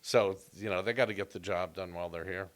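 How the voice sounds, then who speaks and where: Man, comedian, low voice, casual storytelling chat. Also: fast. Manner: storytelling, animated and joking. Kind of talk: casual podcast conversation.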